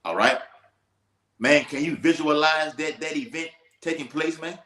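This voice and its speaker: A man's voice: a little high, a little slow, sharp tone. A man teaching scripture in an emphatic, preacherly way, checking in with "all right?". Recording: echoey room.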